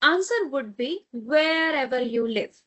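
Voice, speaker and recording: Lady teacher, fairly high voice, talks slow and patient, repeats stuff for you to copy. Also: lively intonation, fairly bright tone. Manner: patient, repeats phrases slowly for learners to echo. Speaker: language teacher. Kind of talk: online language lesson.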